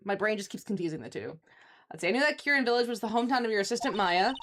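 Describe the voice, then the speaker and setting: A woman's voice: medium pitch, expressive, racing, fairly bright tone, a little hiss or hum, close to an everyday voice. A woman voicing a composed, polite female exhibition manager in a game read-along.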